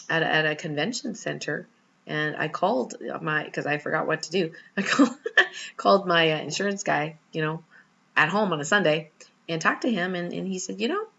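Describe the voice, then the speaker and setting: A woman giving a spiritual teaching talk with personal stories, told in an animated, storytelling manner. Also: sits low, vocal fry, muffled recording. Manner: warm, animated storytelling with laughs.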